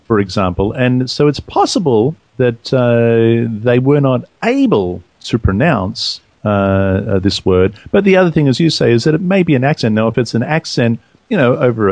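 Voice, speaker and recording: A man's voice: medium pitch, animated, moderate pace, vocal fry, hardly any pauses, a little mellow, no room sound. A man co-hosting a conversational Bible study, thinking aloud and raising questions about the text. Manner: reflective, asks probing questions.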